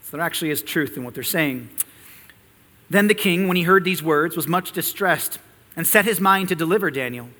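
A man's voice: a little high, animated, a little fast, bright, forceful tone, big-room sound. A man preaching an expository sermon, reading scripture and teaching earnestly, with rhetorical questions to the congregation. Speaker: pastor.

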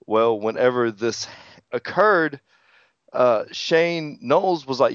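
A man's voice: medium pitch, expressive, a little slow, no echo. A man co-hosting a podcast, a pro wrestler who tells stories in a profane, joking way. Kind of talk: casual chat. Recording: dull lo-fi sound.

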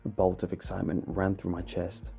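A man narrating a horror story in a measured, dramatic way over a faint music bed. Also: low voice, monotone, gravelly, warm tone.

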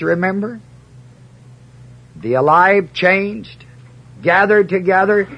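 A man teaching through Bible verses one by one, reading scripture aloud in a measured cadence and stressing key words. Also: sits high, breathy edge, dull audio. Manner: slow and deliberate, emphatic on key words.

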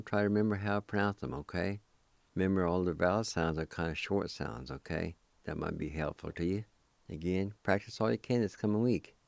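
A very deep-voiced man leads a radio language lesson in a mellow, unhurried tone. He spells each word letter by letter and repeats it with patience. The sound is close and dry, with no room around it. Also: vocal fry, no echo. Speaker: radio language teacher and host.

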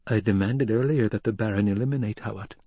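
A man voicing a cunning, scheming noblewoman in an audiobook, speaking soft, hushed and measured. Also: fairly low pitch, husky, no room sound. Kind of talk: audiobook character voice.

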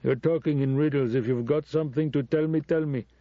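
A man's voice: fairly high pitch, fairly even intonation, fairly quick, no room sound, pitched above the performer's own voice, natural voice. A man voicing a curt, impatient middle-aged male ambassador woken by a phone call, brusque and demanding. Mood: irritable.

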